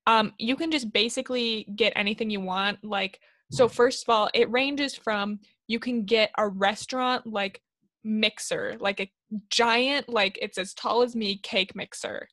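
A young woman co-hosting a podcast in casual chat, telling stories with a teasing, animated manner. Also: fairly high pitch, measured pace, no echo. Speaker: podcast co-host.

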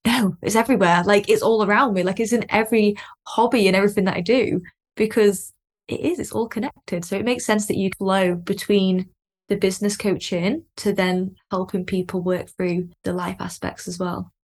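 A woman's voice: medium pitch, fairly even intonation, moderate pace. A woman hosting a casual podcast chat, agreeing and conversational in manner. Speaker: podcast host.

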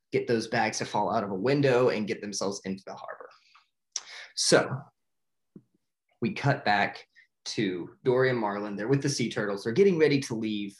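A young man casually retelling a movie plot in a rambling way, full of "like" and excited acted-out quotes. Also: on the low side. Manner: rambling, filler-heavy with frequent "like". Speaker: movie recapper. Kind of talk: casual spoken movie recap.

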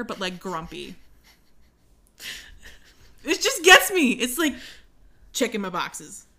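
A woman's voice: medium pitch, pushed and bright. A young woman chatting casually about books, giggly, swearing now and then and trailing off mid-sentence. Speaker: podcast co-host.

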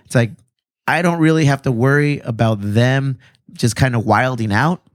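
A man's voice: medium pitch, moderate pace. Laid-back cursing man. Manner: profane, laid-back, mixes in Spanish slang. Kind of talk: casual chat.

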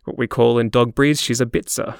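A man's voice: medium pitch, steady tone, a little fast, creaky, clear, resonant tone, no echo. An Australian man co-hosting a podcast in casual chat, laughing often and talking with many fillers. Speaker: podcast co-host.

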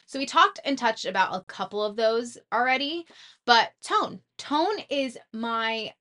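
A young woman talks through her podcast in a relaxed, chatty advice style, often slipping into acted-out lines of dialogue. Her voice sits a little high and sounds bright and forward. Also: measured pace. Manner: chatty, animated, full of "like" and acted-out quotes. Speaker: podcast host. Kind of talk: casual advice talk.

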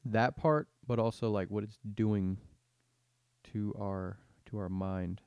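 A man's voice: on the low side, fairly even intonation, slow, darkish tone, clean tone, no echo, highs cut off. A man in his twenties hosts a podcast, rambling through a casual rant full of slang and swearing. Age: 20s. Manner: profane, slangy, meandering rant. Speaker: podcast host.

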